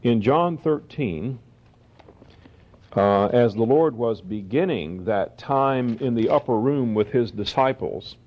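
Slow-reading Bible teacher, man. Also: mid-range voice, expressive. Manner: reads scripture slowly, then explains in quick asides. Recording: dull lo-fi recording.

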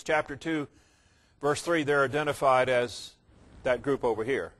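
A man preaching a sermon, emphatic, slowing down to stress key words and mimicking casual believers in quick asides. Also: mid-range voice, fairly bright tone.

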